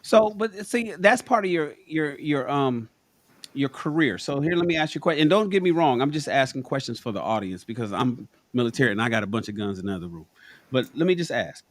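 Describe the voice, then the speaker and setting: A man's voice: mid-range voice, expressive, no echo. Dry-sounding man asking probing questions. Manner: probing questions, halting restarts. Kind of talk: casual panel discussion.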